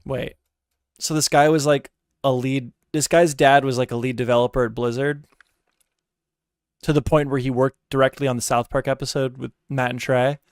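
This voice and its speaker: A man's voice: medium pitch, steady tone, moderate pace, clean tone, no echo, clean studio sound. A young man giving casual, blunt reaction commentary, rambling and opinionated with plenty of profanity. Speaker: streamer reacting to a podcast clip.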